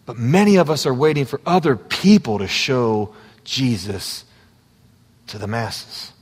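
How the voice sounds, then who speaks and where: A man preaching a sermon, moving between quiet, intimate asides and loud, fervent exhortation. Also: mid-range voice, a little slow, husky, long reverb tail. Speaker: pastor. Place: church sanctuary.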